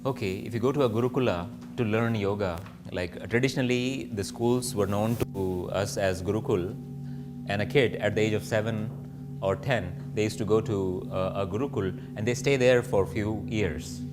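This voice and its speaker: A man's voice: lowish voice, normal speed, over music. A man teaching yoga, reflective, asking and answering his own questions. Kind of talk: spoken yoga lesson.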